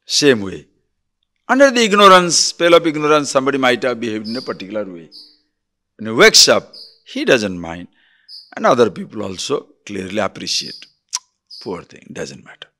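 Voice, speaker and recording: A man's voice: mid-range voice, moderate pace, pauses often. A man giving a spiritual discourse as a teacher, telling stories and acting out quarrels. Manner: animated storytelling, acts out quarrels.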